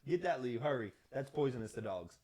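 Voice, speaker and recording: A man's voice: medium pitch, expressive, fairly quick, mellow, dry recording. A young man co-hosting a podcast, chatting casually and rambling with restarts. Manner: laid-back, rambling, laughs often, restarts phrases. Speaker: podcast co-host. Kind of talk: casual chat.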